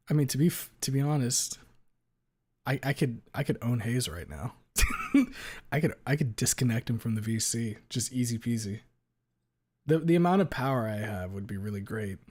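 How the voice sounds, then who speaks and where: A man's voice: mid-range voice, expressive, moderate pace, long pauses, darkish tone. Rambling, foul-mouthed male streamer. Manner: rambling, crude, heavy swearing, talks back to chat. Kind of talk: casual live-stream chat.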